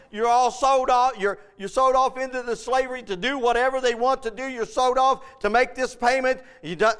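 A man's voice: very high-pitched, a bit bright, clear, resonant tone, long reverb tail. A male preacher delivering a sermon, emphatic and full of rhetorical questions, speaking in folksy plain grammar and repeating phrases.

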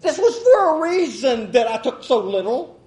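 High-voiced folksy preacher in an echoey room. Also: male voice, very animated, moderate pace, darkish tone. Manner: folksy, rambling, with chuckles and mock quotes. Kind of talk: folksy sermon.

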